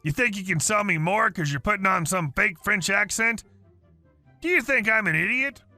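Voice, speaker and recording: Rude suspicious customer, read by a male narrator, blunt and sharp. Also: sits high, animated, moderate pace, dry recording, soft background music, full character voice. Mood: accusing. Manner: blunt, accusing.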